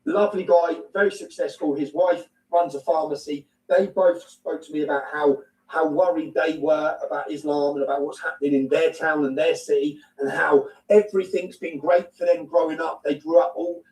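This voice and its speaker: A man's voice: a little high, fairly even intonation, brisk, hardly any pauses, warm tone, roomy sound, recorded from a distance, poor audio. A man with an English accent, talking bluntly and emphatically as an interview guest, repeating his points and swearing now and then. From England. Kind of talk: heated conversational interview.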